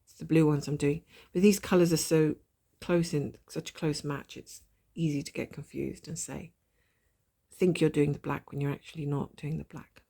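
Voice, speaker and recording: A woman with a gravelly voice and a blocked nose from a cold, chatting casually and thinking aloud while she stitches, with a self-deprecating manner. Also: low voice, fairly even intonation, normal speed, dark tone. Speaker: cross-stitch vlogger. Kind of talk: casual stitch-along chat.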